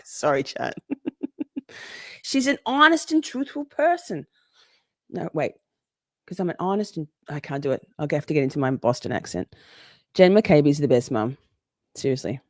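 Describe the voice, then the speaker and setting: A woman's voice: fairly low pitch, a little mellow, no room sound, clean studio sound. Chatty woman hosting a livestream. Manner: chatty, swears and laughs a lot, reads out chat comments. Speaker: livestream host. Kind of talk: casual livestream chat.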